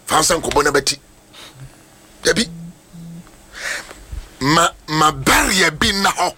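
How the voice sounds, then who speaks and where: A man preaching a sermon as a pastor, animated and rising to shouts. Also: fairly high pitch, slow pace, a little hiss or hum.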